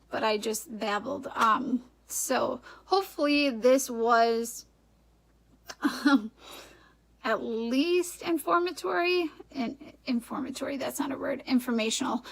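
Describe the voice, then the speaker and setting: A young woman from Wisconsin talks through an advice vlog in a casual, rambling way, with a clear Upper Midwest American accent. Her voice sits high, with a lot of gravelly vocal fry. She laughs often and keeps catching and correcting herself. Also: bright, forceful tone, rough recording. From Wisconsin, USA. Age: young adult. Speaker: vlogger.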